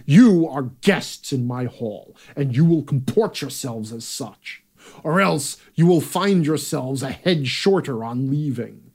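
A man's voice: medium pitch, animated, slow, a little mellow. A man voicing a proud, bearded warrior lord in his hall, stately and commanding. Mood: threatening.

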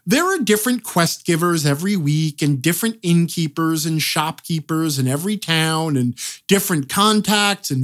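A game master giving a tutorial monologue on tabletop role-play, with wry, self-mocking asides and some swearing. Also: medium pitch. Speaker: game master advice teacher.

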